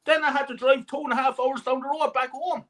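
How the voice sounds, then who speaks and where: A man's voice: very high voice, flat delivery, quick pace, a bit bright. Ranting sweary caller, a man. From Ireland. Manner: angry, sweary storyteller. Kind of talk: ranting fan anecdote.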